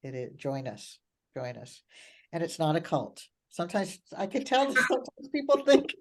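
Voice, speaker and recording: An older woman speaking as a coach and mentor in a reflective conversation, animated, often laughing and repeating phrases for emphasis. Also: low-pitched, moderate pace.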